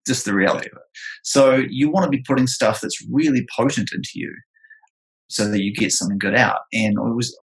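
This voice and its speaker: A young man in casual chat, rambling and animated, with many filler words. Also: medium pitch, fairly quick, rough recording. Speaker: photographer and former music producer.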